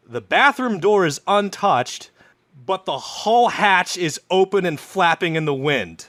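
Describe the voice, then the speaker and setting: A man with a bright, slightly high voice spins a story on a comedy podcast. He talks loosely and swears freely, and a laugh keeps slipping in. The sound is close and dry. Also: animated, a little slow, no room sound. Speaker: podcast co-host telling the story.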